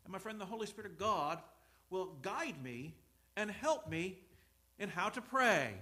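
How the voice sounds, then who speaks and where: A man preaching a sermon, telling a personal story with humorous asides and repeating words, moving between loud preaching and soft confiding. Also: sits high, lively intonation, a little slow.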